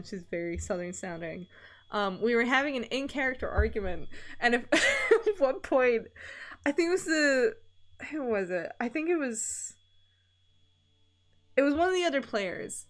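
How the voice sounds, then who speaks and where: Giggly streamer woman, mixed Canadian-American accent. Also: a little high. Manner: giggly, laughs often between phrases. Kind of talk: casual stream chat. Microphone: desk microphone.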